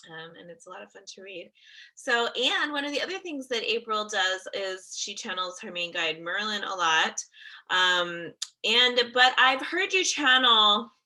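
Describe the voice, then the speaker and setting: A woman's voice: medium pitch, expressive, a little slow, sharp tone, low-quality recording. A young adult woman hosting a live interview, chatting casually with frequent laughter. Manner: chatty, laughs often, upbeat. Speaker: host.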